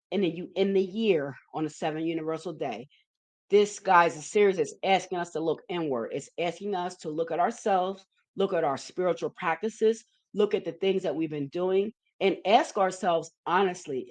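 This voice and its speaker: A woman's voice: fairly low pitch, darkish tone. A woman hosting a numerology forecast video, talking through slides in an emphatic, repetitive way and often checking in with listeners. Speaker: numerology forecaster, show host.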